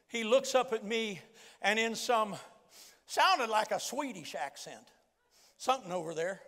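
A man with a West Virginian accent preaching a fervent Pentecostal sermon, telling a story with emphatic repetition and shouted declarations. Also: sits high, measured pace. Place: large church sanctuary. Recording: long hall reverb from church PA.

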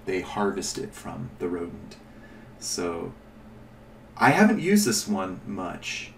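Low-pitched and gravelly, a man walks viewers through painting miniatures in a loose show-and-tell style, rambling and fixing his own statements as he thinks aloud. The mic is far off in an echoey room, and there's a little hiss or hum.

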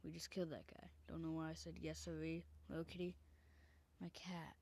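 A woman's voice: sits low, level tone, brisk, a little mellow. A woman commenting on a game she plays from her bedroom, often dropping into a whisper, into a desk microphone. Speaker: gamer. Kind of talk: casual gameplay commentary.

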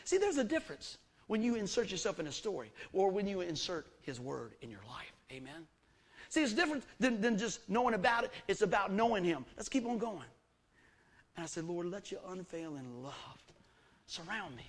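A man's voice: sits high, very animated, brisk, breathy edge. A middle-aged man preaching a sermon, folksy and emphatic, full of rhetorical questions to the congregation. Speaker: pastor.

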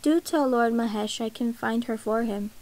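A woman's voice: a little high, normal speed, darkish tone, natural voice. A woman reading an earnest, troubled young prince. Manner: earnest and direct.

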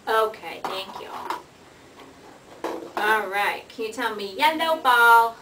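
A woman's voice: a little high, animated, recorded from a distance. Sing-song woman coaxing a child. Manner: sing-song, encouraging, slow and clear for a child. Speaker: speech therapist. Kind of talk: coaching a child to say words. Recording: echoey room, mic from afar, noisy home video.

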